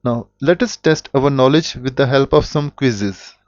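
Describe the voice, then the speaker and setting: A German teacher gives an explanatory language lesson, speaking slowly and deliberately in a medium-pitched voice and correcting himself along the way. The recording is dull, dry lo-fi audio with no echo.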